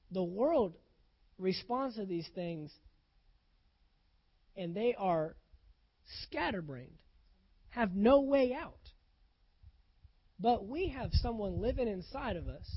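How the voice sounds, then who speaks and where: A pastor preaching a sermon in a casual, folksy way, swinging from loud emphasis to hushed lines and firing off rhetorical questions. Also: medium pitch, slightly rough, dull audio.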